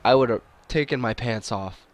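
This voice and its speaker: A young man giving profane let's-play commentary, excitable, yelling and swearing at the game, a bit congested and coughing. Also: mid-range voice, normal speed. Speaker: gaming YouTuber.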